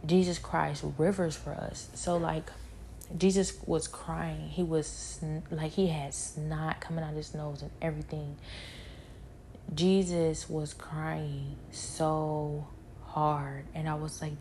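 A woman giving a spoken personal testimony, halting and repetitive, with many fillers. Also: low voice, level tone, a little mellow, slight background noise.

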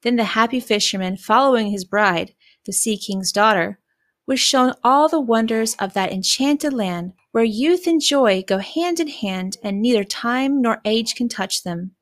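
Woman, storybook narrator, clear reading, fairly high voice, dry close recording. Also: animated, a little slow, dry recording.

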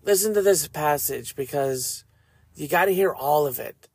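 Male podcast host, earnest faith commentary, slightly raised pitch, dry close sound. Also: husky, no room sound. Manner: earnest, measured, reflective. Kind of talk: faith commentary and scripture reading.

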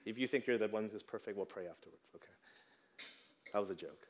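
A man's voice: on the low side, quick pace. Conversational man preaching a sermon. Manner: conversational, tags lines with "right?". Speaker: pastor.

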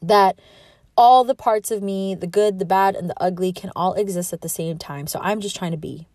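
Young woman podcast host, rambling and heartfelt, mellow lowish voice, dry close sound. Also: normal speed, dry recording. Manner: rambling, heartfelt, self-reflective, with laughs. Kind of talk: candid solo podcast monologue.

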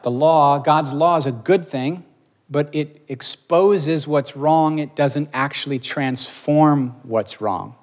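A man's voice: mid-range voice, a little mellow. Conversational man preaching a sermon. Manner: conversational, checks in with the audience. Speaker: pastor.

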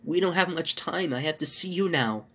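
A man voicing a frantic adulterous wife, raising his voice high and panicked as he reads a horror story. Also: expressive, moderate pace, sharp tone, slightly rough, heavily acted. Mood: urgent. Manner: shrill, panicked pleading.

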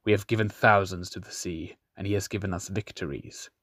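A man reading as a cold, contemptuous male raider captain with a measured delivery. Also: low-pitched, fairly even intonation, fairly bright tone, no echo, clean studio sound. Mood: scornful.

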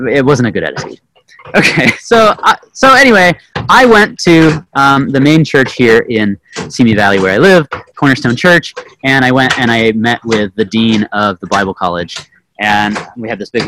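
A man teaching a Bible lesson through a personal story, animated and self-mocking with plenty of fillers. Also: mid-range voice, background noise. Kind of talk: storytelling sermon.

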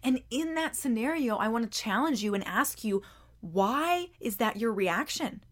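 A woman hosts a self-help podcast, speaking in a slightly high, expressive voice at a measured pace. She talks conversationally, using emphatic rhetorical questions and often repeating words.

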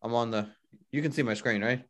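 A man's voice: medium pitch, brisk, a bit bright. Rambling young-sounding man chatting. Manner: rambling, heavy use of "like". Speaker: podcast co-host. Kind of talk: casual chat.

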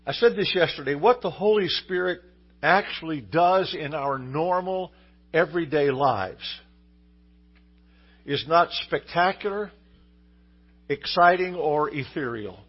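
A man's voice: fairly high pitch, a little slow, pauses often, breathy edge, lo-fi sound. A man preaching a sermon, telling a story in an easygoing way, with fillers and restarts. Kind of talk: sermon with a told joke story.

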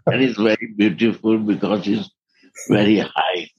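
A man giving a devotional discourse as a spiritual teacher, in halting non-native English and laughing often. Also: fairly low pitch, darkish tone, slightly rough, no room sound, highs cut off.

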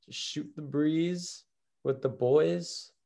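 Gravelly-voiced joking podcast co-host man. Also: a little high, takes it slowly. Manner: jokey, rambling, drops to a hush. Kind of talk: casual sports podcast banter.

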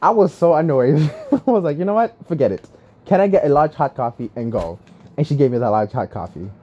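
A young man telling a casual, exasperated story about his week, often laughing, with lively swings in his voice. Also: medium pitch, brisk, husky, lo-fi sound. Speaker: vlogger.

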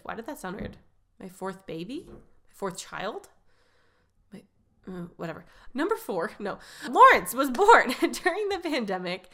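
A woman's voice: medium pitch, sing-song, unhurried, a bit bright. Candid chatty woman telling her story. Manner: candid, chatty, self-interrupting. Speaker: podcast host. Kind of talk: personal storytelling monologue.

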